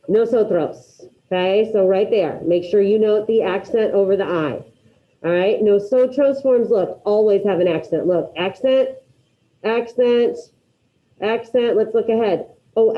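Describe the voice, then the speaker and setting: A woman teaching a class, drilling her students through repetition and quizzing them with quick questions in an upbeat way. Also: a little high, muffled recording. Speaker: Spanish teacher. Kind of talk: classroom grammar lesson.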